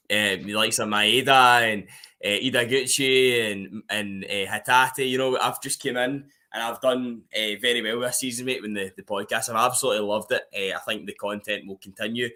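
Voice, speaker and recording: A man guesting on a casual fan podcast, sincere and chatty, calling the host mate. His voice is bright and forceful, sitting at an ordinary pitch. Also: fairly even intonation, normal speed.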